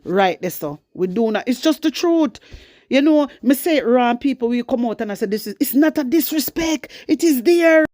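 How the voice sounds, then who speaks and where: A woman's voice: sits high, animated, moderate pace, a little mellow, no room sound, studio quality. A Jamaican woman hosting her own channel, ranting bluntly and fierily about politics, slipping into patois as she speaks to her viewers. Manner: blunt, fiery, switching into patois. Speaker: political commentary vlogger. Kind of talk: casual political rant to viewers.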